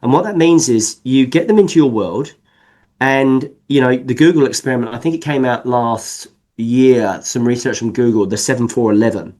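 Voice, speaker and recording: A man from England whose accent has drifted toward New Zealand talks as a podcast guest. His voice sits at an ordinary middle pitch. He explains at length and leans hard on key words with animated emphasis. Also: moderate pace. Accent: mixed English and New Zealand. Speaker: sales consultant guest. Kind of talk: podcast interview.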